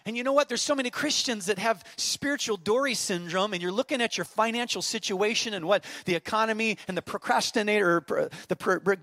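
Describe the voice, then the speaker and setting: A man in his fifties, a pastor preaching a sermon, telling a story and then building to fervent shouted exhortation. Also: sits high, quick pace, few pauses, no echo. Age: 50s. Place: church auditorium.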